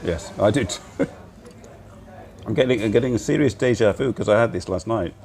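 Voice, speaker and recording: Man, middle-aged, casual livestream chat, lowish voice, laptop mic, cafe. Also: fairly quick, creaky, darkish tone. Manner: chatty, laughs often, self-mocking. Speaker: livestream host.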